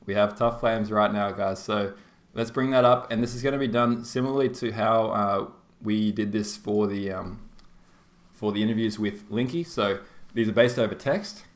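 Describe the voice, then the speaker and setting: A game tournament caster and stream host from Australia talks at normal speed in a voice on the low side. He's chatty and rambling in a casual live-stream chat, often laughing and full of fillers, and the sound has a roomy echo.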